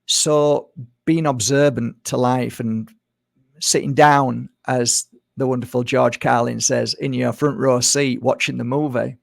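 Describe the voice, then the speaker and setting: A man with a gravelly, creaky edge to his mid-pitched voice, talking through spiritual ideas in an easygoing, repetitive way. The sound is close and dry, with no room around him. Now and then he mimics other people in quick asides. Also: fairly even intonation, no echo. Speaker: spiritual speaker. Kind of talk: reflective spiritual monologue.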